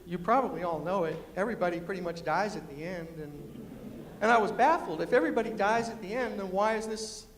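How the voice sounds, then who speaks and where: A middle-aged man tells comic stories to a university audience. He is animated and acts out the people he quotes. His voice sits fairly high and carries a long reverb from the lecture hall. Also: fast talker, a little hiss or hum. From New York City. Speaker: storyteller and humorist. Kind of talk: comic storytelling talk to a live audience.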